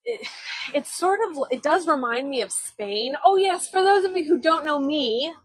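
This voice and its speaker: A woman's voice: high-pitched, lively intonation, normal speed, no echo, poor audio. A woman from the American Pacific Northwest and Midwest in her thirties, narrating a live-streamed walking tour outdoors on a phone, chatty and enthusiastic with many fillers. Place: outdoors on old-town streets.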